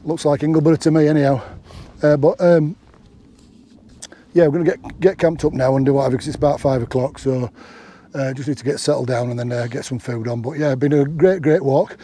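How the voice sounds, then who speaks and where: A middle-aged hiking vlogger speaks into a clip-on mic on open moorland, his voice medium in pitch, steady, brisk and warm. His casual outdoor chat rambles along with plenty of restarts and fillers.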